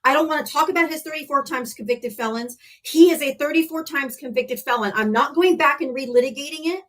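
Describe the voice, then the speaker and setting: A woman hosts a live political debate stream, her voice sitting a little high. She talks bluntly and mockingly, swearing freely as she cuts in on callers. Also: a little fast, fairly bright tone, poor audio. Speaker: debate livestream host.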